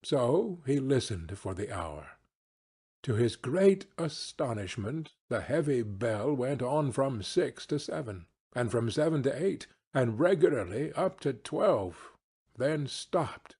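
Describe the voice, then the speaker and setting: A man narrates a classic ghost story for English learners at a slow, careful pace. His voice is husky and a little breathy, with a middling pitch. The reading is measured and scripted. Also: big pitch swings, darkish tone.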